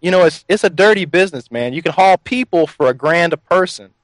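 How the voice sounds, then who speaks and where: A man runs a prank call on his show, talking fast in a voice set slightly high. His delivery is sly and deadpan, and the sound is dry and close with no room around it. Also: no room sound, rough recording.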